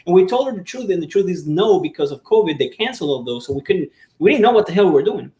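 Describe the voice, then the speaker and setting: A high-pitched man tells a story in an animated way and keeps breaking into laughter. His voice rings around an echoey room. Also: fast talker. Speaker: father telling his daughter's birth story. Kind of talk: casual chat.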